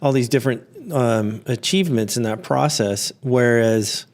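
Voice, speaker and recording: A man co-hosting a podcast in casual chat, rambling and halting, with many fillers and restarts. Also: mid-range voice, a little mellow. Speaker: podcast co-host.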